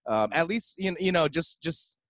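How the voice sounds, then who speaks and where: A man's voice: fairly high pitch, lively intonation, moderate pace, fairly bright tone, no echo. A man who works as a DJ, chatting casually as co-host, laid-back and laughing often. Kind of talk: casual chat.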